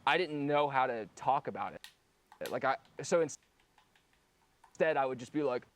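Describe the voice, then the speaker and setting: A man tells a personal story in a rambling, candid way and keeps restarting his sentences. His voice sits at an ordinary medium pitch. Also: animated, moderate pace. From San Francisco Bay Area. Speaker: former skateboarder and YouTuber.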